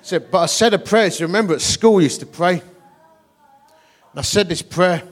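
Animated preacher with a high voice. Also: male voice, normal speed. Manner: animated, self-deprecating, acts out voices in his story. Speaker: guest preacher. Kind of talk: storytelling sermon.

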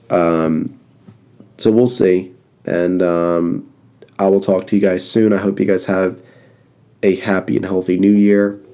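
Low, dark-voiced congested man on a podcast. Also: vocal fry. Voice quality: flat monotone. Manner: rambling, repeats advice with fillers. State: congested and coughing. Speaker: podcast host. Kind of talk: casual solo podcast talk. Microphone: close podcast mic.

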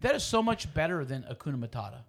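A playful man with a somewhat high voice, joking around in loose, casual banter. He keeps spinning the same gag further and sounds amused throughout. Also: big pitch swings, quick pace, gravelly, heavy background noise. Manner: playful, riffing on a running joke.

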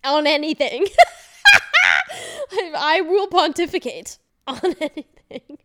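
A woman's voice: high voice, slow pace. A woman hosting her own podcast, talking casually and rambling, laughing often and swearing freely. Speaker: podcast host. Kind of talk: casual solo podcast monologue.

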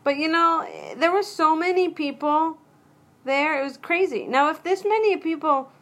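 A woman's voice: high voice, normal speed. A woman hosting her own solo podcast, talking casually in a rambling way and often cutting herself off mid-thought. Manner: rambling, interrupts herself, chatty asides. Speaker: podcast host.

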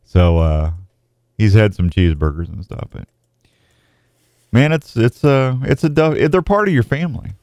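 Deep-voiced radio host. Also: male voice, normal speed, long pauses, a little mellow, dry recording, clean studio sound. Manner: folksy, rambling, emotional. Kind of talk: casual radio talk.

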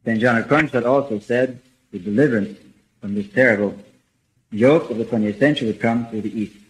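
A man delivers a religious lecture in a steady, earnest voice, reading from prepared notes. His pitch sits in an ordinary middle range. He pauses now and then to clear his throat before the next passage. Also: low-quality recording. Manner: measured and earnest, reads quotations aloud.

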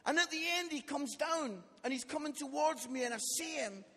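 High, bright-voiced comic preacher. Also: male voice, brisk. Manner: lively, comic, asks the audience questions. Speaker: guest preacher. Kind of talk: comic storytelling sermon. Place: church hall, live audience. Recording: long church hall reverb.

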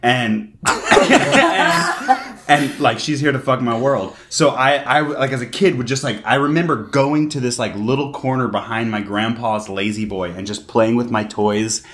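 Animated, laughing male podcast guest. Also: medium pitch, moderate pace, few pauses, slight background noise. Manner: animated storytelling, self-mocking, laughs often. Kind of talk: casual comedic podcast chat.

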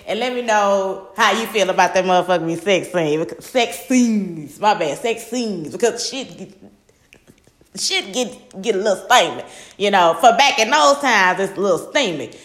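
A woman hosts her own podcast, chatting solo in a blunt, heavily profane way, rambling and restarting her sentences. Her voice is medium-pitched and a bit bright, at a moderate pace, in a reverberant space.

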